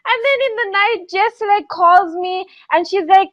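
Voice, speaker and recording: A woman on a podcast telling a rambling story in casual chat, animated and giggly with lots of fillers. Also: very high voice, measured pace, few pauses, no echo, dull audio. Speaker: podcast co-host.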